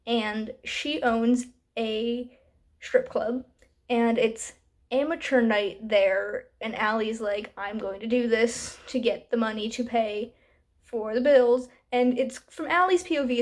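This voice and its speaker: A woman's voice: fairly high pitch, darkish tone. A woman ranting casually about a book in a reading vlog, chatty and exasperated, with lots of fillers. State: hiccuping. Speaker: book vlogger.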